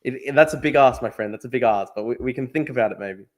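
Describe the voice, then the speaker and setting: A man's voice: medium pitch, fast talker, a little mellow. A young Australian man hosting a casual live stream, chatting and answering his chat, often repeating himself. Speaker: streamer host.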